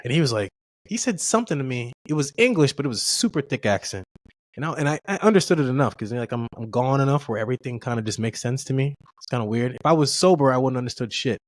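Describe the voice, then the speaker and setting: A man's voice: mid-range voice, animated, quick pace, no echo. A man from the United States casually telling travel stories on a podcast, rambling and profane, often laughing and acting out his reactions. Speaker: podcast co-host. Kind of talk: casual storytelling chat.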